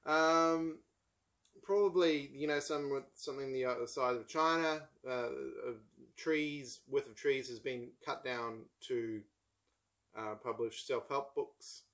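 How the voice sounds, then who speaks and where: A man's voice: mid-range voice, fairly even intonation, takes it slowly, a bit bright. Rambling wry New Zealand man. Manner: rambling, wry, lots of ums and asides. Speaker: book channel host. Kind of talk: casual book haul chat.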